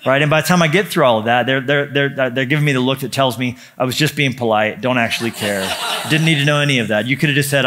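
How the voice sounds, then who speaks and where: Pastor, man, middle-pitched voice; conversational, animated sermon storyteller who restarts often. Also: quick pace. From United States. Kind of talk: sermon with scripture reading and prayer.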